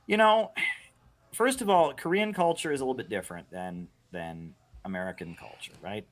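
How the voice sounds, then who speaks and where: Rambling male streamer, casual chat. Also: low voice. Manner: rambling, restarts, frequent "right?" and "you know". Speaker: streamer answering viewer questions.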